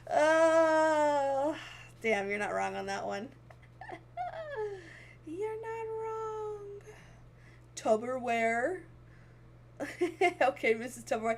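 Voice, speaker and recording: A young woman streaming as a VTuber, chatting casually and giggling often as she reads comments aloud. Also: high voice. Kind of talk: casual livestream chat, reading comments.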